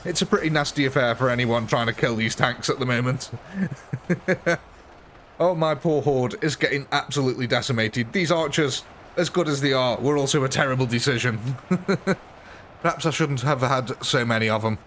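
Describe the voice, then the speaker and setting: A man talks through a battle game on a live stream, chatty and amused. His voice sits at an ordinary middle pitch, with faint ambience behind him. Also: normal speed, a bit bright, slight background noise. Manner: chatty, amused, thanks viewers and answers chat. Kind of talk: live gameplay commentary.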